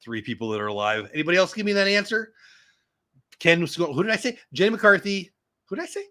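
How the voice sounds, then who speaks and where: A man in his fifties hosting a casual live stream, reading viewer comments aloud and reacting with excitable, chatty asides. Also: sits high, quick pace. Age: 50s. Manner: animated, excitable, talks back to chat.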